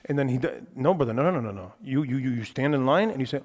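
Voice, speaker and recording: Young man, religious teacher, rapid emphatic delivery, casual fillers, long mosque-hall reverb. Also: mid-range voice. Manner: animated, emphatic; conversational, uses filler words. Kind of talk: lecture on worship.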